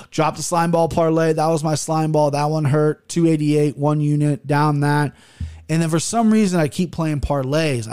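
A man's voice: a little high, clean tone. A man in his thirties hosting a podcast in casual chat, rambling, swearing freely and restarting his sentences. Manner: profane, rambling and animated, with frequent restarts. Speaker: podcast host.

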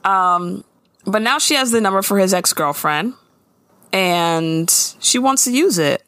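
A woman's voice: mid-range voice, unhurried, no room sound. A woman co-hosting a podcast, recapping a show in casual, slangy, laughing conversation. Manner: animated, laughing, slangy storyteller. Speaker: podcast co-host.

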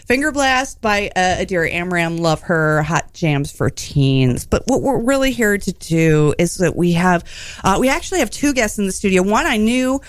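A woman hosts a comedy radio show from a studio, rambling and joking as she chats. Her voice sits at an ordinary pitch. The sound is dry and close. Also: expressive, normal speed, dry recording. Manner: rambling, joking, many fillers. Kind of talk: casual comedy radio chat.

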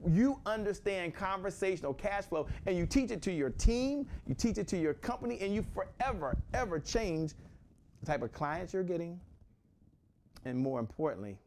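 Animated man with a lively voice. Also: high voice, moderate pace, a little hiss or hum. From Washington, D.C. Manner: energetic, repetitive, animated preacher-like delivery. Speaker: host, sales coach. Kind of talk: motivational talk.

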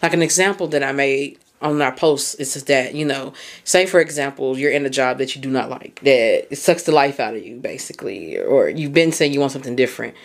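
A woman's voice: extremely low pitch, fairly quick. Candid, laughing woman podcast host. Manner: candid and conversational, casual swearing, frequent laughter. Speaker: podcast host and mindset coach. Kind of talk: casual podcast monologue.

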